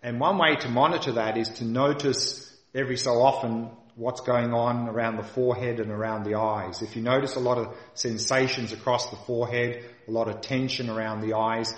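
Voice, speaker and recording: A man teaching a meditation practice, guiding patiently and calmly and repeating key points for emphasis. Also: medium pitch, moderate pace, roomy sound. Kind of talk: guided meditation instruction.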